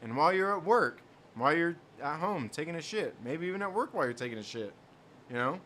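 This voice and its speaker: A man's voice: fairly high pitch, lively intonation, quick pace, fairly bright tone, slight background noise. A man hosting a casual live stream, reading chat messages aloud and riffing on them. He rambles, repeats himself and laughs often.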